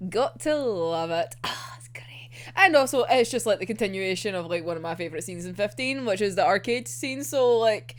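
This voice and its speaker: A woman's voice: mid-range voice, expressive, fairly quick, few pauses. A young woman reacting to a manga chapter, gushing, giggling often, swearing freely and saying "like" constantly. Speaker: manga reviewer.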